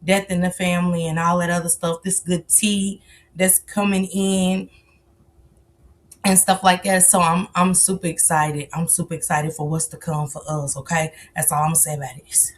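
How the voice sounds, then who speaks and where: Woman doing a casual livestream, AAVE, keeps shouting out viewers by name, stretches her hellos. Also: lowish voice. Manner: greets chat viewers by name, drawn-out excited calls. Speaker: livestream host.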